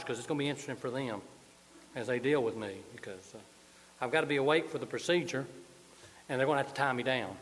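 A man preaching a sermon, joking and folksy, moving around as he talks. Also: mid-range voice. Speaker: pastor. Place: church sanctuary with balcony. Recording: long church reverb.

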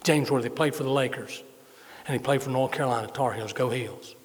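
A man's voice: mid-range voice, brisk. A middle-aged male pastor giving a sermon, repeating phrases for emphasis and adding folksy humor. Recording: long hall reverb.

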